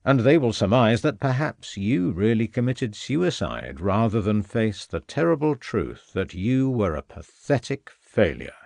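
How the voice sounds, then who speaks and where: A scheming Victorian gentleman murderer who sneers and gloats as he threatens the inspector, as a male narrator puts him on. His voice sits low and mocking, recorded close and dry. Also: very animated, measured pace, vocal fry, few pauses, dry recording, full character voice. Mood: gloating.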